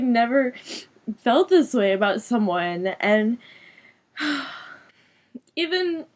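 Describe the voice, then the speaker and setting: A woman voicing a melodramatic eighth-grade goth girl who narrates her diary in a giggly, overdramatic way, full of "like". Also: mid-range voice. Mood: tearful swooning. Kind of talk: comic teen diary monologue.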